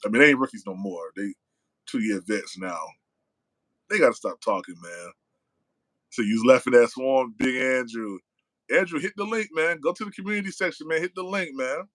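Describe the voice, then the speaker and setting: A man's voice: mid-range voice, animated, normal speed, fairly bright tone, dry recording, rough recording. A man hosting a casual live-stream podcast. He talks in a loose, slangy way, reads viewer comments aloud and tacks "man" onto his sentences. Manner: loose and conversational, reading chat aloud, slangy with frequent "man". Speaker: podcast host.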